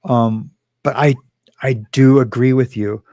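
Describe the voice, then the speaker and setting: A man's voice: medium pitch, fairly even intonation, unhurried, mellow, no echo, studio quality. A man hosting a casual talk show, rambling and emotional, with many fillers and restarts. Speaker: host.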